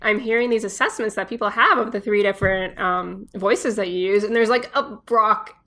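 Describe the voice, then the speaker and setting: A woman's voice: medium pitch, normal speed, fairly bright tone. A woman co-hosting a podcast, asking questions and reacting with chatty, joking asides. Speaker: podcast co-host. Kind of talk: casual interview talk.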